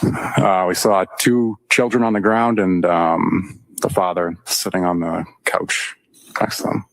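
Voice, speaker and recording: A man, a firefighter, testifying in court with hesitant, short answers and many pauses. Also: deep voice, flat delivery, low-quality recording. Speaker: firefighter witness. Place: courtroom witness stand.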